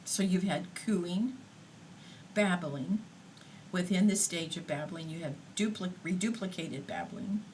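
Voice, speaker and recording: A woman giving a recorded lecture in an unhurried, explanatory way, pausing on fillers now and then. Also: fairly low pitch, darkish tone, a little hiss or hum, rough recording.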